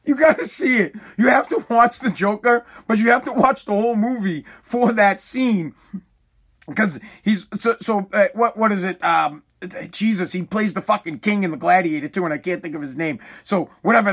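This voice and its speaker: A man with a notably high voice talks loosely and profanely, like a podcast host. He rambles, restarts his sentences and keeps breaking into laughter as he goes. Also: a bit bright. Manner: profane, laughs often while retelling. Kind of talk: casual rambling chat.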